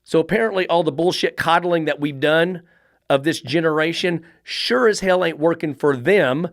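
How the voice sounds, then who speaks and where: A man's voice: fairly high pitch, normal speed, no room sound, studio quality. A middle-aged man, a dog trainer giving a blunt, profane podcast monologue full of rhetorical questions.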